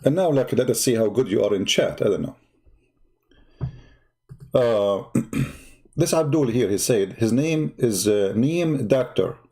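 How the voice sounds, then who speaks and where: A man's voice: mid-range voice, unhurried, long pauses. Mocking man hosting a live stream. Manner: mocking, sarcastic, gets loud and excited. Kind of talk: live-streamed religious debate talk.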